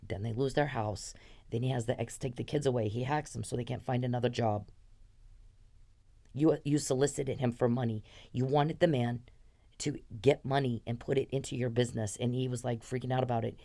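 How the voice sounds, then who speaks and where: A woman's voice: very deep voice, fairly even intonation, fairly quick, mellow. Angry profane woman in her fifties. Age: 50s. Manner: angry, profane, accusatory, addressing someone directly. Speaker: podcast host. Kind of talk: ranting podcast monologue.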